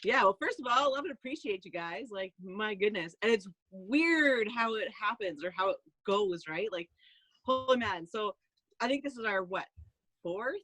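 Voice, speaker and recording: A woman's voice: medium pitch, animated, moderate pace, bright, forceful tone, dry recording, rough recording. A woman from Canada giving a casual, bubbly testimony as a client on a video call, jumping between thoughts. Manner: bubbly, laughing, scattered. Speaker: client guest.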